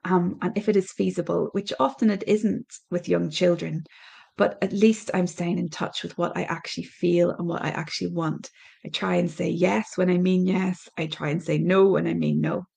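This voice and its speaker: A middle-aged Irish woman speaks on her parenting podcast, her voice low-set, gravelly and husky. She talks in a reflective, searching way, pausing often and restarting her sentences. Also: steady tone, a little mellow. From Ireland. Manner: thoughtful, hesitant with many ums and restarts. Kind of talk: reflective solo podcast talk.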